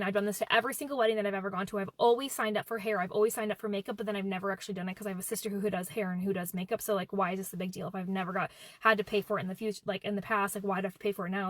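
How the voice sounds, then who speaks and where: Woman, quick storytime, bright and crisp, dry close sound, acts out dialogue. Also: mid-range voice, no room sound. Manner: animated, quoting people in dialogue. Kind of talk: casual storytime.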